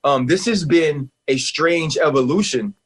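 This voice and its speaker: A man in his forties talking sports on a radio show, emphatic and animated, laughing often. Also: on the high side, unhurried, slightly rough. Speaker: guest analyst, former player.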